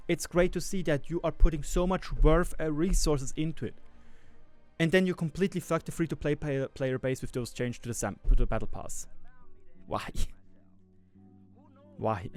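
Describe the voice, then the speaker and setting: A man's voice: a little high, smooth. A man, a gaming video maker, ranting with frustration and swearing, repeating himself as he vents. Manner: frustrated, profane, repetitive ranting. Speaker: gaming YouTuber. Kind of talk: ranting commentary.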